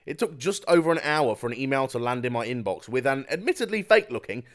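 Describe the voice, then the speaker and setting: A man's voice: mid-range voice, lively intonation, fast talker. Sardonic male comedic narrator. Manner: dry, sardonic storytelling. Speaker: scambaiting video narrator.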